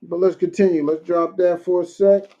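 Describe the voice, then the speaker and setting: A man leading a casual streamed Bible class, talking conversationally and reading verses out slowly. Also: high voice, flat delivery, warm tone, muffled recording, a little hiss or hum. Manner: conversational, keeps asking "you know what I'm saying"; reads verses slowly and deliberately.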